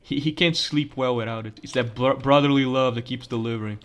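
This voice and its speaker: A man's voice: mid-range voice, fairly even intonation, brisk. Rambling, stammering young male gamer. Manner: stammering, crude joking, rambling. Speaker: gaming channel host. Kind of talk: casual gameplay commentary.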